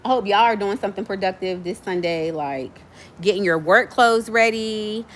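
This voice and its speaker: A woman of forty from Miami, chatting fast and playfully with viewers as host of her own livestream. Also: mid-range voice, a little hiss or hum. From Miami, USA. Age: 40s. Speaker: livestream host, nonprofit founder. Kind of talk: casual livestream chat with viewers.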